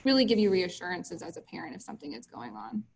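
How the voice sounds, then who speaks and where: A woman's voice: medium pitch, creaky, a little mellow, slight background noise, low-quality recording. A woman moderating a parent panel over a video call, speaking with many fillers and repeated words. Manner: fast, filler-heavy, stammering. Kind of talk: hosting a panel.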